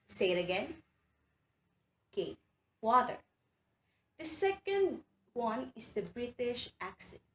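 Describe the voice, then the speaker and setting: A woman teaching a recorded reading lesson, carefully saying words aloud for students to repeat. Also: fairly high pitch. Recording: roomy echo, faint background noise.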